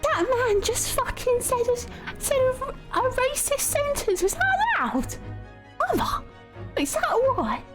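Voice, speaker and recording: A woman with a British accent voicing a prim Victorian child who is easily shocked and calls out for mama in a high, piping squeal. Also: sing-song, measured pace, over music, exaggerated voice. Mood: scandalized. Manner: aghast, calling out for mama.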